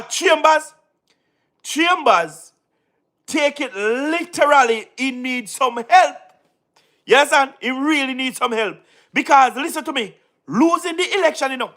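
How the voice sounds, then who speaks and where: High, bright-voiced Jamaican man mocking. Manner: mocking, laughs often, repeats phrases. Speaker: online political commentator. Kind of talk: casual commentary.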